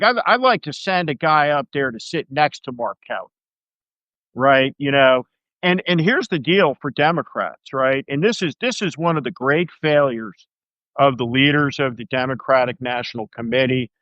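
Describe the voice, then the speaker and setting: A man's voice: medium pitch, a bit bright, no room sound. Emphatic rambling man on a muffled line. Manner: rambling, emphatic, many fillers and restarts. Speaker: political commentator. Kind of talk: casual political talk.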